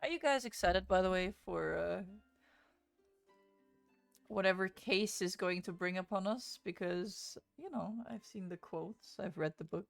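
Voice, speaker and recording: A young woman with a gravelly, fry-laden voice runs a laid-back book stream. She chats loosely and curses often, and faint music plays underneath. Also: on the low side, unhurried. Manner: chatty, swears freely, greets chat excitedly. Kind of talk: casual livestream chat.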